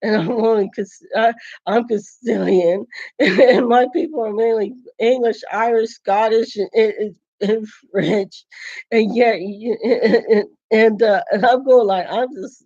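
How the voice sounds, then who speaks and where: Woman going on a slow rambling rant, indignant, keeps laughing and restarting, muffled lo-fi sound. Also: a little high, a little mellow. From United States. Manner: indignant, rambling, laughs between phrases, many restarts and repeats. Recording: dull lo-fi recording.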